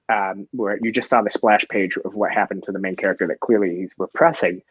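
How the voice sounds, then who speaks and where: A man's voice: on the low side, no room sound. A man hosting a casual comics talk show, talking eagerly and rambling with restarts. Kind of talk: casual chat. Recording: dry, dull lo-fi sound.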